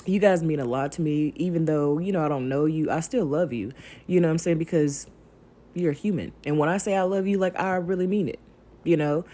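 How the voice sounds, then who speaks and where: Hosting a crafting channel, a young woman talks to her audience directly in a relaxed, rambling voiceover. Her voice is deep and mellow, and she speaks fairly quickly.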